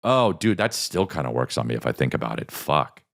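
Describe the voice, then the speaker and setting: A man hosting a podcast who tells a story in a casual, animated, profane way and acts out the voices of the people in it. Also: a bass voice, fairly quick, creaky. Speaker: podcast host.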